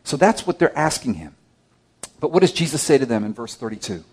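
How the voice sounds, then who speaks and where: A male pastor preaching a sermon, moving between loud, emphatic declarations and hushed, low asides. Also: sing-song, fairly quick, breathy edge.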